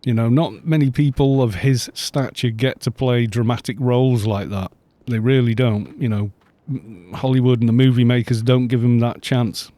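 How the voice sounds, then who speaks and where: Middle-aged streamer, warm low-key tone, dry close sound, rambling and laughing as he chats. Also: steady tone, normal speed, hardly any pauses, no echo. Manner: chatty and rambling, laughs often. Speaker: game streamer. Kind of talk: casual chat on a live stream.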